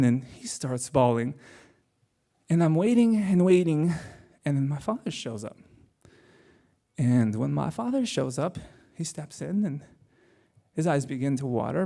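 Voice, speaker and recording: High-voiced man telling a story on stage. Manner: animated, acts out voices of people in the story. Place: club stage before a live audience.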